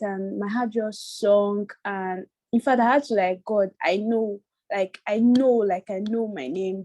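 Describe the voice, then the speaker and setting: A woman from Nigeria sharing a personal story on a video call, halting and tearful, with many restarts. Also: mid-range voice, warm tone, dry recording. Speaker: workshop participant.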